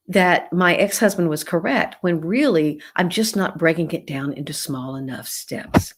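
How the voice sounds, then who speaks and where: A woman's voice: fairly low pitch, moderate pace. A middle-aged woman from the American South with a Southern accent, a psychologist talking through advice and retelling a client's words in a conversational way. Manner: warm conversational advice with retold dialogue. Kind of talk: live-stream Q&A.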